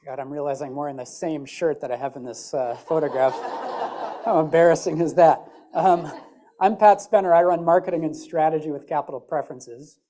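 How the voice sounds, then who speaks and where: A woman's voice: sits low, moderate pace, noisy background. A woman from the American Midwest with a Midwestern accent, giving a chatty, joking conference talk on stage. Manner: chatty, joking and self-deprecating. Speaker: conference speaker.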